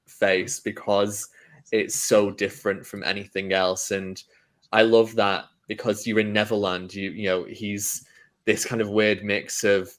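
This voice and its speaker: A man's voice: fairly low pitch, flat delivery, unhurried, fairly bright tone. A young man talking casually and enthusiastically about a film on a podcast, rambling with many fillers. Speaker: podcast host.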